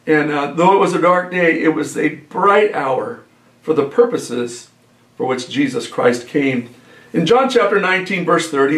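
Male pastor, fairly high voice, earnest measured sermon, echoey church room. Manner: earnest, unhurried preaching with fillers and repeated phrases.

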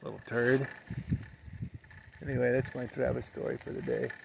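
A man's voice: mid-range voice, very animated, normal speed, gravelly. A man telling a casual story while walking his dog on a ranch, chatty and rambling. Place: outdoors on a rural ranch. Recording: noisy outdoor camera recording.

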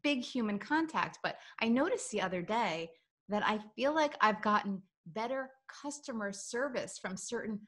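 A woman's voice: medium pitch, lively intonation, normal speed, fairly bright tone. Chatty woman host telling a story. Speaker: interview host. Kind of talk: casual interview chat.

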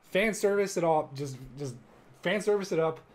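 A young man hosting a casual solo podcast, excitable and full of swearing, jumping between loud bursts and low mumbles. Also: normal speed. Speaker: podcast host.

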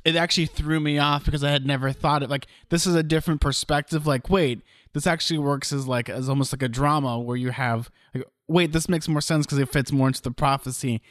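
A man's voice: mid-range voice, dry recording, clean studio sound. A young man co-hosting a podcast, chatting casually in a rambling way and now and then acting out lines. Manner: rambling, restarts, acts out lines. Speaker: podcast co-host. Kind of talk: casual chat.

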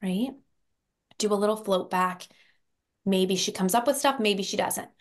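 A woman therapist on a podcast, explaining in a lively conversational way, acting out example voices and often checking in with "right?". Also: mid-range voice, unhurried. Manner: animated storyteller, acts out quoted voices with frequent "right?". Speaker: therapist guest.

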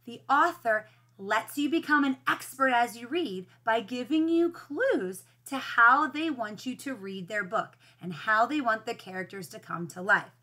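Bright-voiced woman teacher reading aloud. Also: fairly high pitch, measured pace. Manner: expressive, explains patiently to children. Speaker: first grade teacher. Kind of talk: reading a picture book aloud in a lesson.

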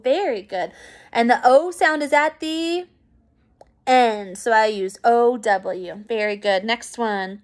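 A woman teacher giving a recorded phonics lesson to young children, encouraging and clear. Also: on the high side. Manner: slow, clear, encouraging classroom pacing.

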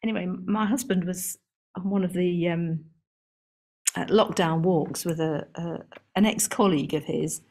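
Woman, garden historian, seminar lecture, low-ish voice, chatty, amused, lots of ums. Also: fairly even intonation, a little slow, a little mellow. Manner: chatty, amused, lists items with many ums and restarts. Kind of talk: lecture talk to a live and online audience. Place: seminar room.

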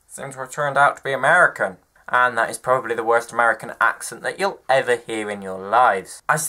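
A man's voice: mid-range voice, bright, forceful tone. A young man chatting casually and upbeat to his viewers in a vlog, poking fun at himself. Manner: chatty and upbeat, self-mocking. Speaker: vlogger. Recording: echoey room.

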